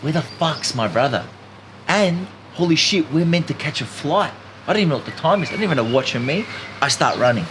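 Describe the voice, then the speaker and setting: A man's voice: fairly high pitch, expressive, fast, a bit bright. Guy telling a wild story on a podcast, punchy and emphatic, noisy room. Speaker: podcast guest. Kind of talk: casual storytelling chat.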